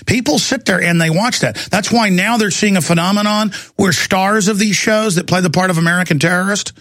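A man hosting a talk radio show, ranting in a rambling, animated way. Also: high-pitched, dry recording. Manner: animated, rambling, acts out quoted voices. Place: radio studio.

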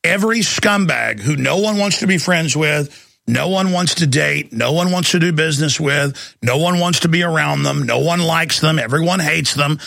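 A male talk show host with a deeply gravelly, bright, forceful voice, ranting with heated, repetitive emphasis. The sound is close and dry. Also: normal speed, dry recording. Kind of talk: ranting political commentary.

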